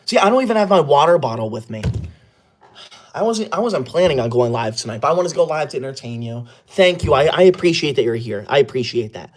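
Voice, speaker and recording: A man's voice: mid-range voice, animated, fast talker, natural voice. Tyler, a man playing a touchy young streamer. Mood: indignant. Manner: indignant, scolding, keeps voice hushed. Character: touchy bossy young male livestreamer, easily offended. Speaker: livestreamer. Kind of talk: comedy skit of a live stream. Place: indoor room upstairs, away from home.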